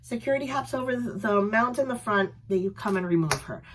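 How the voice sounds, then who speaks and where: A young woman vlogger casually telling a story to camera, animated and acting out voices, her voice a little strained. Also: a little fast. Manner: animated, acts out voices with loud high yells. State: voice slightly strained.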